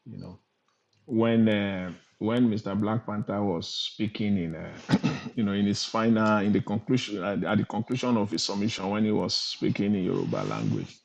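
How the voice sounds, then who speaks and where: A man from Nigeria, a panel guest, giving halting political commentary over lo-fi call audio. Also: lowish voice, gravelly. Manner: halting, filler-heavy, then forceful quoting.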